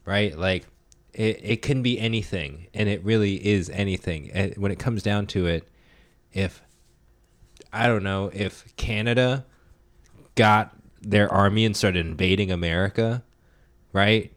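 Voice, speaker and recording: Deep-voiced young guy hosting a podcast, keeps saying right?, dry close sound. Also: measured pace, no room sound. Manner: animated, swears freely, asks "right?" often. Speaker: podcast host. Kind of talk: casual chat.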